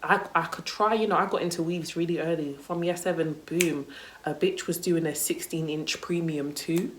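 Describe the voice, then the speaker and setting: A woman's voice: low voice, fairly even intonation, normal speed, a little hiss or hum. A young woman vlogging a casual story time, candid and chatty, with lots of "like" and "you know" and some swearing. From United Kingdom.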